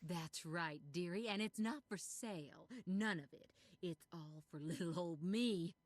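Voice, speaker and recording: A man's voice: unhurried, no room sound. A man voicing a possessive, cheese-obsessed older woman shopkeeper with a Southern belle lilt. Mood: sweet. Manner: clingy, pleading, shrill refusal. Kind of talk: let's play character voicing.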